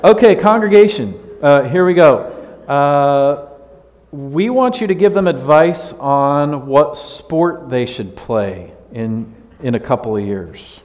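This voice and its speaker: A man's voice: on the high side, animated, takes it slowly, darkish tone. A man giving a casual children's sermon in a church, playful and chatty, often asking the kids questions. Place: church sanctuary. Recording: long hall reverb.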